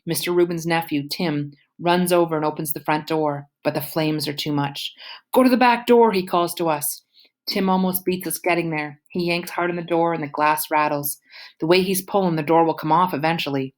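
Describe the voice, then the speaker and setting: A woman reads a novel aloud in a low voice. Now and then she drops into quiet whispered asides. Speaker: audiobook reader.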